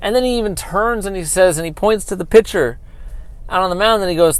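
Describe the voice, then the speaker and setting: A man's voice: high-pitched, normal speed, smooth, no echo. A man hosting his own sports podcast, ranting casually to listeners with lots of fillers and asides. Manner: animated, talky, with many fillers and asides. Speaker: podcast host.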